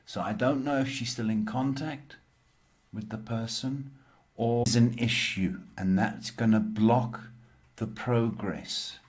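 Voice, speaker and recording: A man hosting a live-stream psychic Q&A, answering viewers in a halting way with many pauses and ums. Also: mid-range voice, steady tone, a little mellow. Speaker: psychic reader and host.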